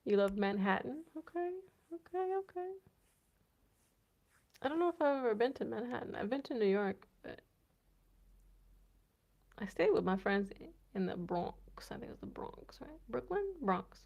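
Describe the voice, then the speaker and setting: Slow-talking woman chatting on a livestream. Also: a little high, expressive, vocal fry. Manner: playful, laughing, reads viewer comments aloud. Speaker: livestream host. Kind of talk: casual livestream chat with viewers. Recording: dull lo-fi stream audio.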